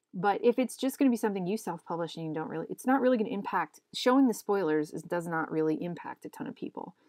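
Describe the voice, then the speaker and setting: Recorded in studio quality with no echo, a young adult woman with a medium-pitched, slightly mellow voice draws comics while chatting casually. As a vlogger, she rambles, teases herself, and talks to herself while working.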